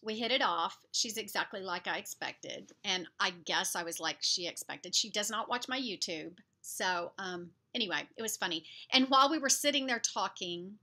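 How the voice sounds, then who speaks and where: Southern lady in her 40s or so, bright voice, just chatting about her day on her vlog. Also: medium pitch. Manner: chatty, animated storytelling with fillers. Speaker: vlogger.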